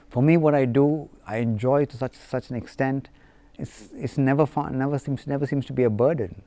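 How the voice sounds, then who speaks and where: A man from India telling personal stories in an animated, playful way. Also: fairly low pitch, creaky, no echo. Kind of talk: personal storytelling.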